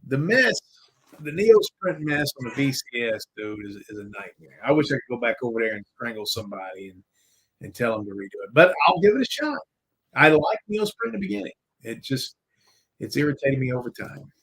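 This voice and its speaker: Husky-voiced man rambling on a podcast. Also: mid-range voice, sing-song, a little fast, fairly bright tone, rough recording. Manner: rambling, jokey, swears casually. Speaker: podcast host. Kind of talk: casual live-stream chat.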